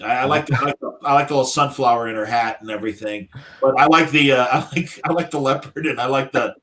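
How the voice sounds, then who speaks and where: A man's voice: medium pitch, fast, pushed and bright, a little hiss or hum. A man hosting a podcast in casual, jokey chat, often breaking into silly voices. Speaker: podcast host.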